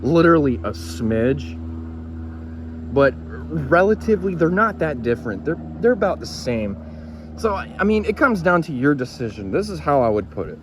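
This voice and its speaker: A man's voice: a little high, big pitch swings, fairly quick, background noise. A man casually reviewing a gadget for his viewers, rambling and retelling a friend's reactions with some swearing. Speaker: YouTube reviewer.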